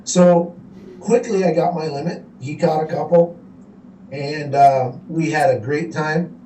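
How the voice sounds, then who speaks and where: A man from Canada, a guest telling fishing stories in a casual, animated way and laughing as he goes. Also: on the high side, a little slow. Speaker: guest angler. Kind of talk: casual storytelling. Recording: echoey room, voice from a distance, faint hiss.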